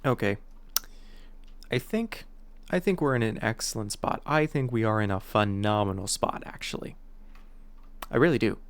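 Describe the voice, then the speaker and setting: A man's voice: on the low side, moderate pace, no room sound. A male streamer chatting casually while playing, in a rambling, playful, self-mocking way. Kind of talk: casual gameplay chat.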